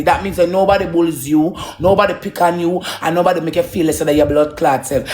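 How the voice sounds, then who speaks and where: A woman's voice: lowish voice, fairly even intonation, brisk, few pauses, a little mellow, a little hiss or hum. A woman with a Jamaican accent in a heated, profane, preachy rant to her viewers.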